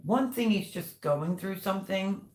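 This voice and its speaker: A woman's voice: medium pitch, animated, measured pace, darkish tone, reverberant. An older woman hosting a live stream, telling rambling family stories and reading out viewers' comments in casual chat. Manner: chatty, rambling storytelling. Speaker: livestream host.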